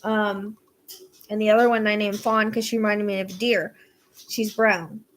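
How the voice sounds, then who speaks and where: A woman's voice: medium pitch, little pitch movement, normal speed. A woman host telling a rambling, exasperated story in casual chat, swearing now and then. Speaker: psychic podcast host. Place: rural property with acreage.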